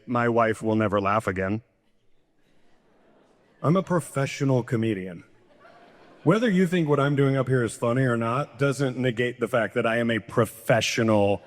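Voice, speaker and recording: Self-mocking stand-up comic in a hall. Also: male voice. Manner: self-deprecating, jumps into high-pitched voices for quoted people. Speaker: stand-up comedian. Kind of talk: stand-up comedy set. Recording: echoey hall reverb.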